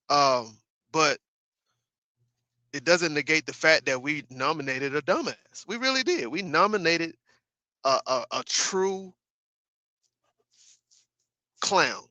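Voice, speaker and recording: A man's voice: on the high side, sharp tone, no echo. A man giving casual livestream commentary, ranting emphatically and profanely with repeated asides to his viewers.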